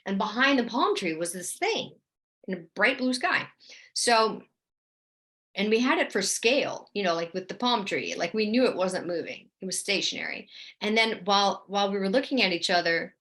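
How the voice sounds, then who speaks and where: A middle-aged woman and actress, chatting casually as an interview guest about her experiences, animated and quick to act out what people said. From New Orleans. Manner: chatty and animated, acts out quoted lines with a higher voice.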